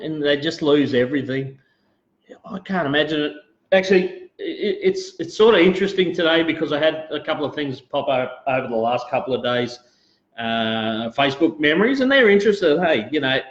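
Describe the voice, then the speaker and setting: A man with an Australian accent hosting a casual live show, rambling in a laid-back way and greeting viewers as he talks. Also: medium pitch. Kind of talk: casual live-stream chat. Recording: roomy, dull lo-fi live stream audio.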